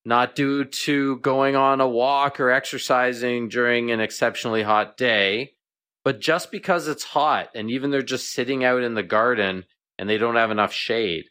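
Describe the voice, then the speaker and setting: A man's voice: mid-range voice, moderate pace, pushed and bright, smooth. A man speaking as a veterinarian guest on a radio show, explaining plainly and often repeating words as he thinks.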